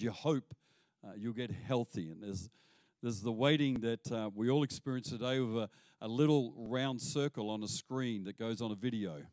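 A man preaching a sermon as pastor, animated and acting out the voices he quotes. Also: medium pitch, dry recording.

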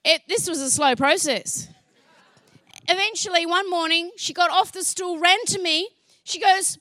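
A high-voiced woman tells her faith story with lots of life, acting out each line of dialogue and breaking into laughs. The sound is dry and close, with no room echo. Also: normal speed. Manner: lively, acts out dialogue, laughs often. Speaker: speaker sharing a faith testimony. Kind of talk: animated storytelling testimony.

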